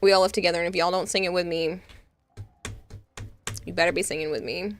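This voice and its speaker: Tired woman streaming late, talking softly and a bit breathless; low, gravelly, dry-miked. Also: fairly even intonation, faint music behind. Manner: deliberately quiet, reads chat aloud. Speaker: game streamer. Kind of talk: casual late-night stream chat.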